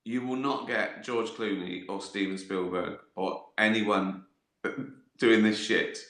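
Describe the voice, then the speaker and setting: A man's voice: lowish voice, steady tone, slow pace, fairly bright tone, reverberant. A middle-aged man, hosting a casual livestream and answering viewer questions with swearing, self-mocking banter. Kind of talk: casual chat. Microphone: phone.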